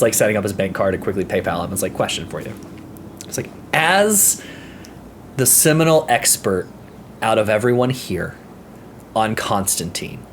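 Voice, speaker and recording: A man co-hosting a podcast, telling a story in an animated way and acting out what people said. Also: lowish voice, a little hiss or hum. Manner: animated storyteller, acts out quotes. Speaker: podcast co-host. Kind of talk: casual chat, storytelling.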